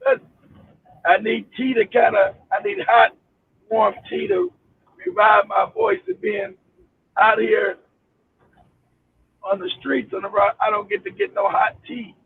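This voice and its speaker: A man with a hoarse, nearly gone voice, gravelly and pitched high, talking bluntly in casual chat. He comes through a tinny, phone-like line with a faint hiss behind him. He teases his co-host. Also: sing-song, unhurried, long pauses. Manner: teasing, blunt. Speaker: show co-host.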